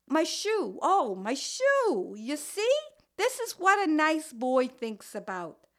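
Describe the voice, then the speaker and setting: A woman's voice: high voice, a bit bright. A woman voicing an older, fussy and fretful mother with a Brooklyn accent, telling her story in the first person with wry, complaining asides. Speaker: narrator.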